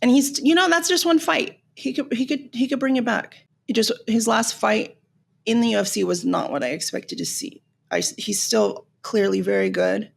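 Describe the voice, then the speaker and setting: A woman from Los Angeles hosting a podcast, ranting in an animated, sarcastic way and swearing freely. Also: a little high, normal speed, gravelly, slightly rough. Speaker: podcast host. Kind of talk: casual rant.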